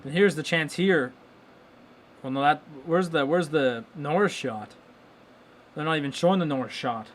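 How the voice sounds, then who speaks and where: Excitable young man calling hockey live. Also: on the high side, normal speed, pauses often, slight background noise. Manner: excitable play-by-play, bursts of loud exclamations. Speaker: watchalong host. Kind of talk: live hockey watchalong commentary.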